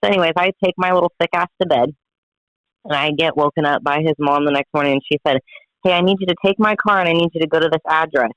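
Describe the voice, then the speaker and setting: High-voiced man telling a dramatic story. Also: quick pace, no echo, highs cut off. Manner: animated, profane, dramatic retelling with quoted voices. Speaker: guest friend telling a story. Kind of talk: casual storytelling chat.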